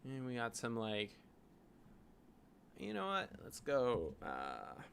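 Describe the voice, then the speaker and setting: Slow and creaky, this man's mid-range, slightly bright voice swings hugely in pitch as he rambles through his design work in a casual screen-share vlog. He's a Canadian graphic designer thinking aloud, full of "like" and "you know," with slight background noise.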